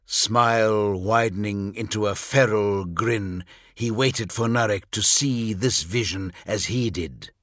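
Slow, husky male audiobook narrator. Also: lowish voice, fairly bright tone, dry recording, clean studio sound. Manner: measured, dramatic narration. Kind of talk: scripted fiction narration.

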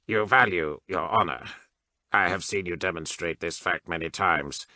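A man voicing a cold, emotionless male cyborg priest in an audiobook, speaking in a flat, mechanical, measured way. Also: low voice, no room sound. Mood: cold, detached. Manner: measured, clipped, unhurried formal speech. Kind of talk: audiobook character reading.

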